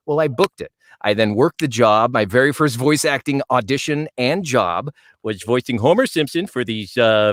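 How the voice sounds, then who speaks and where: Male actor guest, mid-pitch, eager rambling storyteller, dry recording. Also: animated, moderate pace, no echo. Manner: eager, rambling, self-interrupting. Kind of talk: casual interview storytelling.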